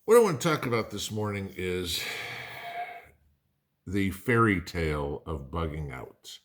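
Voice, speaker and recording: A man's voice: low voice, big pitch swings, a little slow. A middle-aged man hosting a prepping channel, talking casually to camera in a conversational, rambling way with folksy asides.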